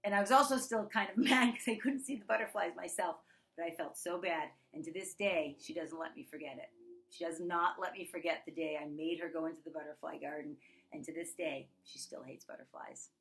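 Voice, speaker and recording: A woman in her thirties, a teacher, telling children a personal story in an expressive way, acting out the people in it. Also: low-pitched, a little fast. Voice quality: expressive, lively storyteller, voices the characters.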